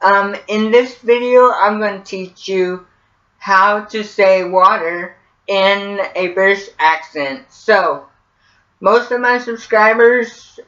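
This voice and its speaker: Slow, hesitant American vlogger. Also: male voice, high voice, fairly bright tone. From United States. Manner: hesitant, many ums, repeats himself. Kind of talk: casual how-to video. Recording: roomy, dull lo-fi sound.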